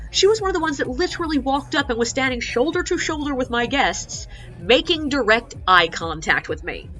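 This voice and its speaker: A woman working as a ghost tour guide, telling stories in a casual, sarcastic, animated way and acting out the quotes. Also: a little high. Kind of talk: casual storytelling vlog.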